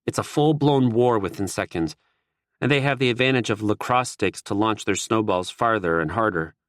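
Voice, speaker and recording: A man narrating a first-person audiobook in a steady, wry manner. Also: fairly low pitch, moderate pace, dry recording, clean studio sound.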